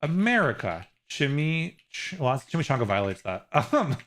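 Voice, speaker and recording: Animated, lively-voiced male streamer. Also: medium pitch, normal speed. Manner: animated and rambling, laughs often, many restarts. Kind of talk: casual live-stream chat with viewers.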